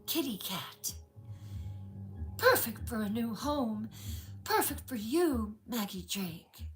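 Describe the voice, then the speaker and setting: A woman's voice: a little high, big pitch swings, slow pace, fairly bright tone, a little hiss or hum, pitched above the performer's own voice, heavily acted. A woman putting on an eerie sing-song teen girl. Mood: eerie sweet. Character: eerie false teenage girl, sweet but wrong.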